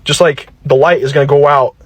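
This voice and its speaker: A man's voice: fairly high pitch, steady tone, brisk, dry recording. A man, heatedly and sarcastically defending his home region in a reaction video. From western North Carolina.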